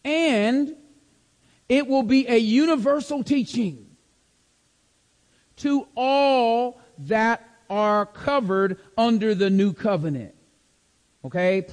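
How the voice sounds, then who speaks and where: A man's voice: very high voice, slow, pauses often, a little mellow, in a large hall. A man teaching a sermon-style Bible lesson, emphatic, repeating key phrases and checking in with the listeners. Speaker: preacher.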